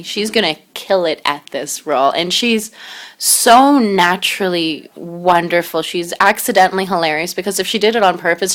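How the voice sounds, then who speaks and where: A woman filmmaker chatting as an interview guest, fast and excitable, laughing often. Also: fairly low pitch. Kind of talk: casual interview chat.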